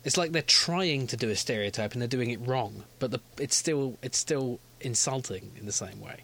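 A man's voice: medium pitch, creaky. A man co-hosting a podcast, arguing his point in casual chat and laughing easily. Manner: animated, argumentative, quick to laugh. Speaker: podcast co-host.

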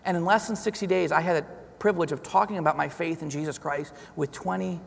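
Man, guest speaker, church testimony, lively storytelling, gravelly husky voice, long hall reverb. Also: fairly high pitch, fast. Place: church sanctuary.

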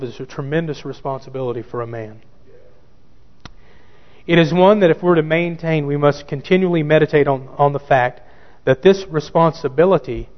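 A pastor preaching a sermon who repeats key phrases for emphasis and addresses his listeners directly. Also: on the high side. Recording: dull church recording with long reverb.

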